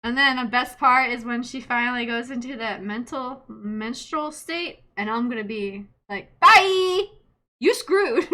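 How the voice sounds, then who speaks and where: High, bright, animated woman in her late twenties. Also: normal speed, hardly any pauses. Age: late 20s. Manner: animated storytelling, swears freely, laughs often. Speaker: streamer. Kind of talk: casual chat.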